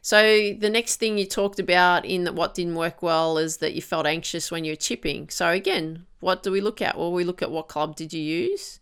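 A woman's voice: on the low side, moderate pace, hardly any pauses, fairly bright tone, clear, resonant tone. A woman coaching golfers on their mental game, who works through one question after another and sometimes acts out an inner voice. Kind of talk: coaching monologue.

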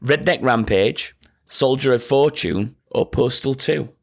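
A man's voice: mid-range voice, measured pace, vocal fry. A man hosting a casual quiz with friends, reading out questions and making sarcastic, sweary asides. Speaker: quizmaster.

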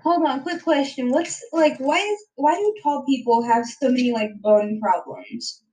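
Young woman, kinda high voice, sassy, always has a comeback. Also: moderate pace, darkish tone, poor audio. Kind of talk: casual chat among friends.

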